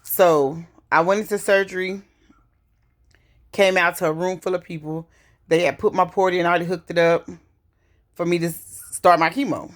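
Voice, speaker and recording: Low-voiced woman telling her story. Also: steady tone, moderate pace, pauses often. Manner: emotional, conversational, repeats herself. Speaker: vlogger. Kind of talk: personal storytelling.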